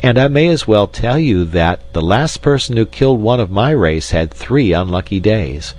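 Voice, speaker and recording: A man voicing a pompous, polite male insect hero, with a high, fussy, pleading voice. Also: animated, normal speed, a little mellow, low-quality recording. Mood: proud.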